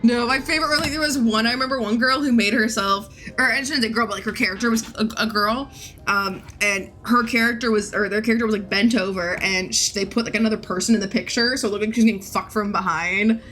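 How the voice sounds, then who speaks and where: A woman's voice: a little high, fast, sharp tone, soft background music. A woman streaming a game, chatting casually in a crude, rambling way and laughing often. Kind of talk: casual live-stream chat.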